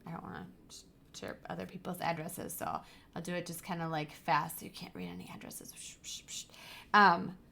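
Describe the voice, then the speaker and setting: A woman's voice: fairly low pitch, level tone, fairly quick, vocal fry, pushed and bright, slight background noise. Gushing woman hosting a crafting livestream. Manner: gushing, drops to whispers over cute items. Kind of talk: casual live chat, unboxing happy mail.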